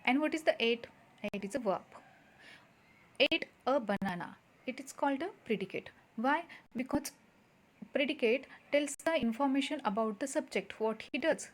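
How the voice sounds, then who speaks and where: Teacher lady, kinda high voice, goes over grammar slow and asks the kids stuff. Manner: patient, repeats and asks the class questions. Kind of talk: grammar lesson for schoolchildren.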